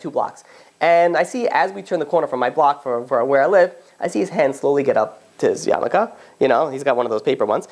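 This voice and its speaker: A male rabbi teaching an informal class, telling stories with animation and acting out conversations as he goes. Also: fairly high pitch. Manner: animated storyteller, acts out dialogue, frequent restarts. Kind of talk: informal Torah class with storytelling.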